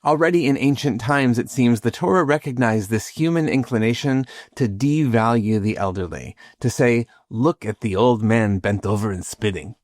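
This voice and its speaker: A man hosting a podcast, reading scripted reflections in a measured, lightly humorous way. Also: medium pitch, darkish tone, no echo, clean studio sound. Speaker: podcast host, rabbi.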